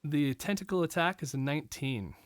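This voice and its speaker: A man running a tabletop fantasy game as game master, relaxed and quick to laugh, with plenty of fillers. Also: fairly high pitch, background noise.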